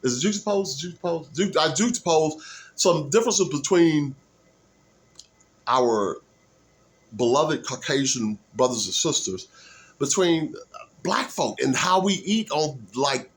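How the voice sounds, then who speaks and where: A man's voice: a little high, a little slow, pauses often. A man talking casually to his camera in a loose, rambling way while he practices comedy voices. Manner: rambling, loose, lively delivery. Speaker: aspiring comedian and musician. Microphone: camera mic.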